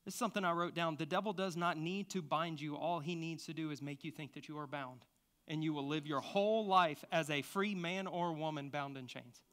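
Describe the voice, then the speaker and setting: A male preacher with a high, bright voice delivers a sermon into a stand microphone. He shares his own story with fervent passion, dropping to hushed confessions and then surging into loud exclamations. The delivery is raw and earnest. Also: brisk. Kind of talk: sermon with personal testimony.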